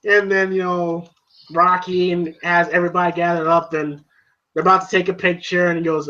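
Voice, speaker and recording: In dull, lo-fi sound, a podcast co-host reviewing a film casually narrates a scene, his high voice moving fairly quickly. He laughs, curses freely, and shouts lines as he acts them out in this animated, profane chat.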